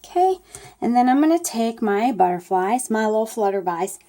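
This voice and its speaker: A middle-aged woman walks viewers through a paper craft at her table. She talks in a chatty, folksy way, and her voice sounds soft and mellow. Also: a little high, normal speed. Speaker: craft demonstrator. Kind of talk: casual crafting tutorial.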